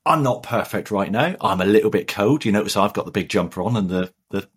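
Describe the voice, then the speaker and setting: Low husky bloke from up north, chatty and jokey on a podcast. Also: male voice, lively intonation, brisk, a bit bright. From northern England. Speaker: guest, business author. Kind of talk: podcast interview.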